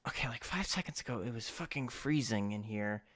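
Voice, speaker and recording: A woman's voice: rumbling low, expressive, fairly quick. A woman streaming a video game, chatting casually, swearing often and breaking off her own sentences. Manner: swears a lot, rambling and self-interrupting. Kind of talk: casual gameplay commentary.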